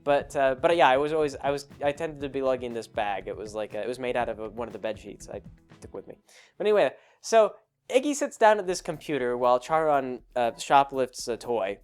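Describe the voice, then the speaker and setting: A man hosts a podcast and recounts an old tabletop game in a loose, anecdotal way. His voice sits at a middle pitch, and he keeps cutting himself off and laughing. Faint music plays underneath. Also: lively intonation, brisk, smooth. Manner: rambling, self-interrupting, laughs often. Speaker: podcast host. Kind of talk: casual anecdotal storytelling.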